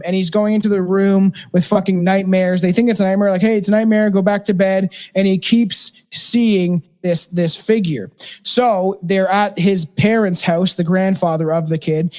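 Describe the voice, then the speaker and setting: High-voiced man telling a story. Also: unhurried. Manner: swears freely, tells stories with lots of "he's like". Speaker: podcast co-host. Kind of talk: casual podcast chat and storytelling.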